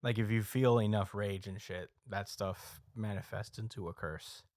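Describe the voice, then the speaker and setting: A man's voice: on the low side, fairly even intonation, normal speed, darkish tone, no echo, studio quality. A man co-hosting a podcast, casually recapping a story with plenty of ums and uhs. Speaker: podcast co-host. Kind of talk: casual chat, recapping a manga chapter.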